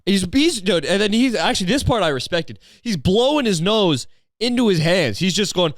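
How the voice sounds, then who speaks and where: A man who is a comedian and podcast host, telling a rambling, profane story in a deadpan, digressive way. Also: high voice, moderate pace, dry recording.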